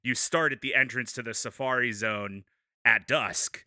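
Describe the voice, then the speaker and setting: A man pitching an imaginary game on a comedy podcast, rambling and amused, trailing off mid-thought. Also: unhurried, pushed and bright, dry recording, studio quality.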